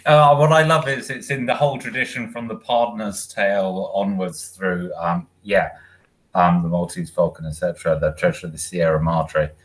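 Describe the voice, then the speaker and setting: A male author, a guest on a podcast panel, with a somewhat low voice. He talks in a bookish, literary way and reads verse aloud. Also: steady tone, normal speed. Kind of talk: casual panel chat.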